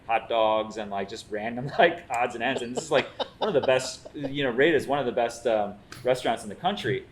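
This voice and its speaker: A man, hosting a food show and telling stories in casual chat, acting out the quotes as he goes. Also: medium pitch. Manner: animated storyteller, acts out quotes.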